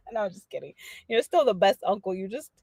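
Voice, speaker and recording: A woman chatting casually on a livestream, animated and slangy, laughing often as she talks to her viewers. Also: mid-range voice, a little fast, creaky, breathy edge, no room sound. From Dominican family background. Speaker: livestream host.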